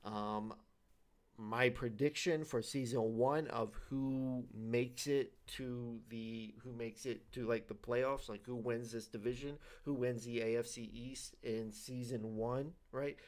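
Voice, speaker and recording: A man's voice: mid-range voice, steady tone, slow, a little mellow. A man hosting a league show, giving his predictions in loose, repetitive casual talk with many fillers and restarts.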